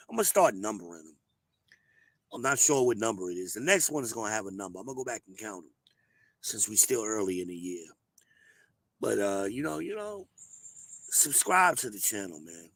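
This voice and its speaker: A hoarse man, hosting an advice show and talking bluntly and emphatically. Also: medium pitch, fairly bright tone, dry recording. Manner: emphatic, preachy, blunt with cursing. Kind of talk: casual advice monologue.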